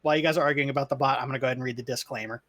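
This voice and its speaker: A man's voice: mid-range voice, fairly even intonation, very fast, over a noisy crowd. A man in casual banter with friends, playfully angry and swearing a lot. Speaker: tabletop game player streaming live.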